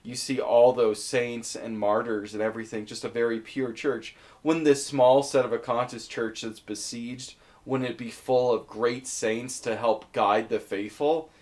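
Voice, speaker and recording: A man's voice: medium pitch, steady tone, unhurried, few pauses, a little mellow. A man giving casual commentary as he explains topics one by one, conversational and thinking aloud with some fillers. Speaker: video essayist.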